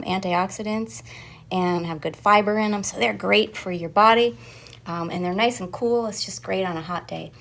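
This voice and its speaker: Her medium-pitched voice is gravelly and a bit bright. She hosts a laid-back home gardening vlog, chatting away and sometimes chewing while she speaks.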